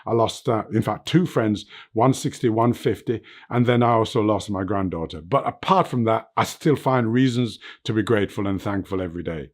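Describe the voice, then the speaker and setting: Speaking at a normal speed with hardly any pauses, this older man has a voice on the low side and preaches life lessons earnestly. He's a fitness motivator giving a reflective, motivational interview at home beneath film lights, tagging his points with "right?" and "you know what."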